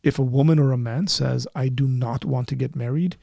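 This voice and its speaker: A man hosting a live call-in show, arguing and answering chat questions with quick restarts and repeated words. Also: mid-range voice, steady tone, creaky, warm tone, no echo, studio quality. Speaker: apologetics show host.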